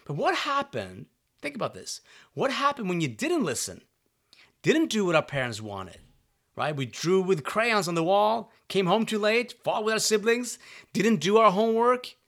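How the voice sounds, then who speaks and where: An adult man who is a parent gives a motivational monologue as a self-help speaker, speaking earnestly and directly while often checking in with "right?" and asking whether listeners are following. His voice is high-pitched, very animated, and fairly bright, at a normal speed.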